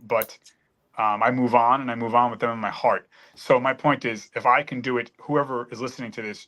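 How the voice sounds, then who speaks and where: A man's voice: medium pitch, bright, forceful tone. A middle-aged man telling a painful personal story on a panel, earnest and emphatic, choked up at times. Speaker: panel guest.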